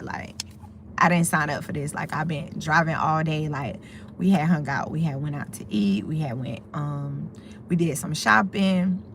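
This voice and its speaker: Chatty middle-aged woman with a gravelly voice. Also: on the low side, normal speed, a bit bright, a little hiss or hum. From United States. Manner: chatty, easily sidetracked, greets viewers by name. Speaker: live streamer reading chat. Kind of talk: casual live stream chat. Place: parked car at a store.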